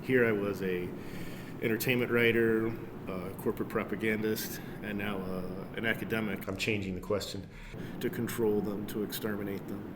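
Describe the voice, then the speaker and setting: A low-voiced male guest muses through his answers in halting, broken phrases. The room sounds echoey, and clear background noise runs under his voice. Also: little pitch movement. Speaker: guest, academic and writer. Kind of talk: casual interview answers.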